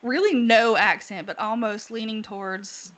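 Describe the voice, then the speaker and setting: A woman with a somewhat high voice talks casually as a podcast co-host. She is chatty and giggly, laughing often between her sentences. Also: moderate pace, fairly bright tone. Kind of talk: casual chat.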